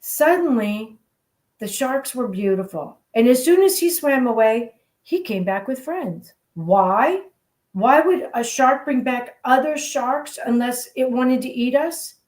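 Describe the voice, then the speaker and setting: A woman hosting a radio talk show who tells stories in a lively, playful way to encourage her listeners. Her voice sits fairly high. The recording rings with a roomy echo. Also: measured pace. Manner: animated, playful storyteller. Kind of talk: motivational storytelling talk.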